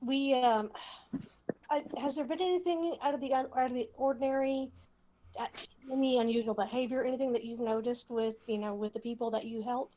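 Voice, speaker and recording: A woman plays her character in a tabletop game, pausing often and filling the gaps with fillers. Her voice sits a little high. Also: steady tone, mellow, a little hiss or hum, poor audio. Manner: hesitant, with many fillers. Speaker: player.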